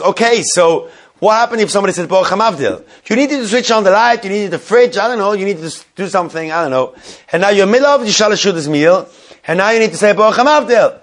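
A man teaching a religious law class to a live group, repeating key points and putting questions to his listeners. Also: high-pitched.

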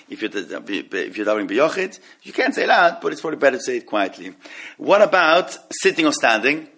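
A man's voice: mid-range voice, sing-song, a little fast, gravelly, fairly bright tone, slightly rough. A man teaching an evening class on law, who chants Hebrew text and explains it in with hesitant restarts.

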